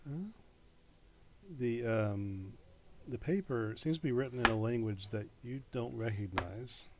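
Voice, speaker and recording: A man narrating as game master of a tabletop game, halting with many fillers. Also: medium pitch, a little mellow, a little hiss or hum.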